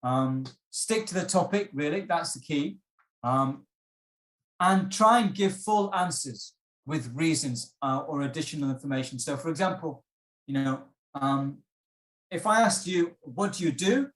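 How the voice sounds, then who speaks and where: A man presenting an exam-prep workshop, explaining tips in a relaxed way with frequent ums and restarts. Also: fairly high pitch, a little slow, reverberant. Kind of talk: online workshop talk.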